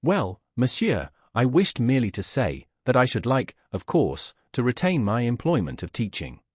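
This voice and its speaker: Guy voicing a shy young woman, soft and slow, dropping french words here and there, dry close sound. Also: mid-range voice, wildly swooping pitch, dry recording. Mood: gentle. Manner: mixes French phrases into English. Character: young woman, shy earnest lace-mender turned teacher.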